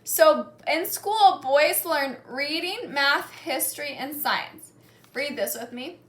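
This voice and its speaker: A woman teaching a lesson, saying words slowly and clearly and having the class repeat them after her. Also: high-pitched, lively intonation. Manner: slow, clear, repeating key words for learners to echo. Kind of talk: call-and-response classroom lesson.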